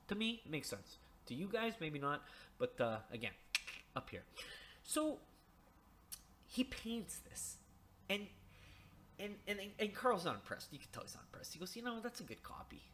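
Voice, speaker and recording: A man's voice: medium pitch, bright, forceful tone, a little hiss or hum. Man, game commentary, sarcastic, rambling, mid-range voice, lots of restarts. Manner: mocking, loose swearing. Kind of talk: casual game discussion.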